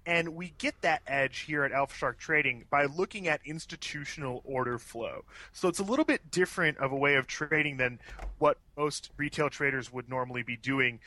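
A man with a Chicago accent giving quick, fluent interview answers as an options trading expert, with small restarts now and then. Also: on the high side, bright, forceful tone.

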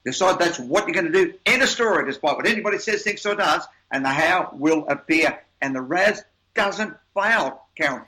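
Heard on a rough recording, this older man's voice is fairly high-pitched with a sharp tone. A seminar presenter speaking as an interview guest, he tells stories conversationally and drives his points home emphatically, repeating words as he builds them.

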